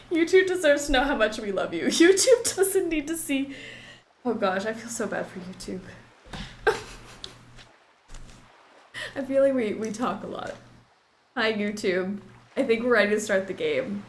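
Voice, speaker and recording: Woman streamer, bubbly, giggly, emotional, high voice, echoey room with faint music. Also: lively intonation, normal speed, long pauses. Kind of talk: live-stream chat while gaming.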